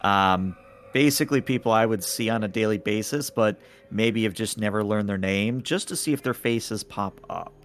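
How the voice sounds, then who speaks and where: A man's voice: fairly low pitch, moderate pace. A man playing a tabletop game, describing what his character does, with many fillers. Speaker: player.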